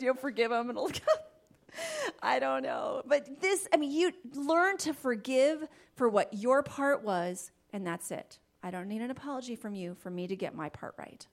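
A woman giving a faith-based talk on marriage, animated, laughing often and dropping into soft asides. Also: on the high side, moderate pace, vocal fry. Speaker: Christian marriage teacher.

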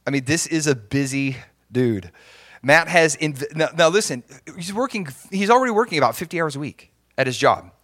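A man's voice: fairly high pitch, animated, normal speed, fairly bright tone, no echo, studio quality. A middle-aged man preaching as a pastor, earnest and emphatic, often restarting his sentences. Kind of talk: sermon.

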